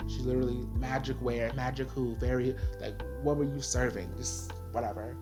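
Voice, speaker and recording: A man's voice: medium pitch, steady tone, normal speed, music in the background. A man giving a casual video review, talking in a sassy, exasperated way and filling his speech with "like". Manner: sassy, filler-heavy, exasperated ranting. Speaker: TV show reviewer.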